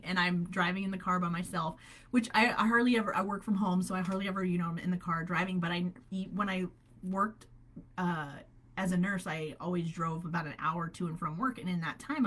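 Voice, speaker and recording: A middle-aged woman leading a live faith-based coaching call, animated and upbeat, laughing often as she speaks. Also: lowish voice. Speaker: holistic health coach.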